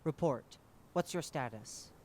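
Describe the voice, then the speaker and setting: A man's voice: mid-range voice, expressive, measured pace, a little mellow, a little hiss or hum, lightly acted. A man voicing an impatient, scornful female senior researcher giving curt, cold orders. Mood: urgent.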